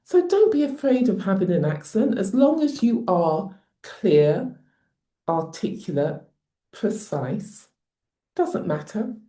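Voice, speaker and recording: A woman with a non-posh British accent, an advocacy trainer giving measured, emphatic advice to camera. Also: mid-range voice, big pitch swings, warm tone, echoey room. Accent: non-posh British English. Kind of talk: teaching talk to camera.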